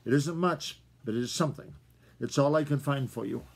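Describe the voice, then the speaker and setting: An older man voicing Reddy Fox, an eager young male fox who talks breathlessly, in a husky storybook voice. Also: mid-range voice, brisk, close to an everyday voice. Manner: eager, panting.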